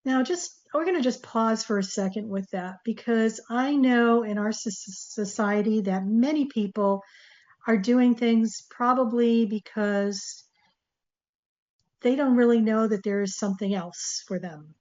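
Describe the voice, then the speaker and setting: A woman's voice: fairly high pitch, unhurried, darkish tone. A woman hosting her own talk show, speaking earnestly with restarts and fillers, coughing and losing her voice. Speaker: show host. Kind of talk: solo talk show monologue. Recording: dull lo-fi sound.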